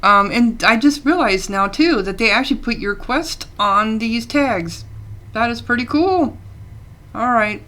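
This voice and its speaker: A woman's voice: a little high, expressive, a little slow, pushed and bright. A woman casually commenting on a game she is playing, chatty and reading the game text aloud between fillers. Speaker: let's play gamer.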